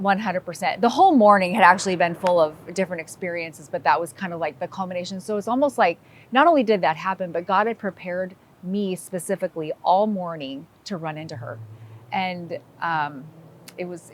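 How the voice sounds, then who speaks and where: A woman's voice: fairly low pitch, brisk, a little hiss or hum. A middle-aged woman, a sheriff's wife, retelling a story in an interview with emotion and quoted dialogue.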